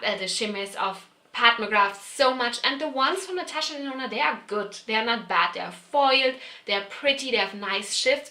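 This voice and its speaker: A woman's voice: a little high, pushed and bright, echoey room. A woman giving a casual makeup palette review. She chats freely and leans on fillers like "like" and "you know". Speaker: beauty vlogger.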